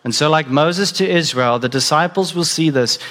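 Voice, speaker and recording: A man's voice: a little high, normal speed, a bit bright. A man preaching a sermon in a conversational way, asking the listeners direct questions. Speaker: pastor.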